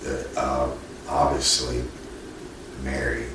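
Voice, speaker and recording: Very deep-voiced man, folksy host. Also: level tone, slow pace. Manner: folksy, rambling, with many restarts. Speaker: podcast host interviewer. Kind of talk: casual interview on location. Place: on location with a family, not in a studio. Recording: echoey room, far mic, background noise.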